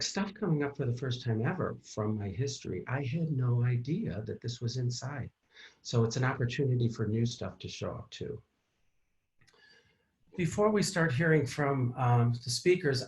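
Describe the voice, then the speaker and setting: A man's voice: medium pitch, echoey room. A man hosting a therapy talk, telling a personal story to his audience in a candid, reflective way with fillers and restarts.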